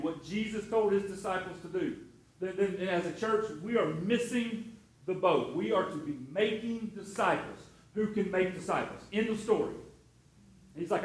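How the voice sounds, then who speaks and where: A man in middle age delivers a sermon as a pastor, drifting from story to story with casual asides and frequent restarts. His voice sits fairly high for a man, and it rings out through a reverberant church space. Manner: storytelling, conversational with many restarts.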